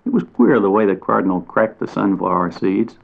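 A man reading a children's storybook aloud in a gentle, unhurried way, lingering on descriptive phrases. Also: lowish voice, very animated, gravelly. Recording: tinny phone-like audio.

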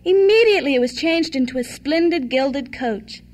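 A woman reads a classic fairy tale aloud in an even, measured manner. Her voice sits high. She paces the narration steadily. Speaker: storyteller.

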